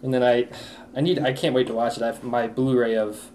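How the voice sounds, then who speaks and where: A man's voice: medium pitch, steady tone, a little fast, a little mellow, slight background noise. A man on a podcast chatting casually and telling rambling stories, laughing often. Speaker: podcast co-host. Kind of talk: casual chat.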